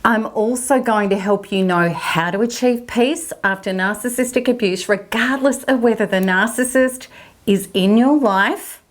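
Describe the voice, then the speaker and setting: A middle-aged woman hosts her own self-help channel in a relaxed, chatty way. Her voice sits at a middle pitch, and she tells a story with open amusement before turning to her talk. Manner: lively, amused storyteller who laughs as she talks. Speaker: host of a recovery channel.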